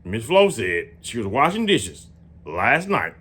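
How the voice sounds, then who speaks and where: A man in his late twenties telling a story in casual, slangy, profane talk, often jumping into high-pitched quoted dialogue. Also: wildly swooping pitch, a little slow, fairly bright tone, husky.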